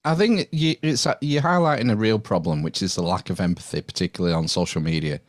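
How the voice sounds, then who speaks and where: This British podcast guest or co-host has a very deep voice and talks fast, spinning a laid-back, offhand story while swearing freely and laughing easily. The audio is dry and close, with no room echo.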